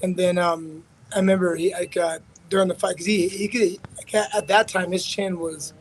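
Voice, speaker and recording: A man's voice: sits high, steady tone, normal speed, slight background noise, low-quality recording. A man, a fighter being interviewed, telling a story in a rambling, profane way with many restarts. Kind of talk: casual storytelling.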